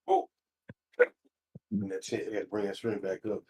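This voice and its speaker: A man's voice: fairly low pitch, normal speed. A man streaming a game and chatting casually with friends, teasing and swearing a lot. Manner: profane, teasing, animated. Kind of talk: casual gaming chat with friends.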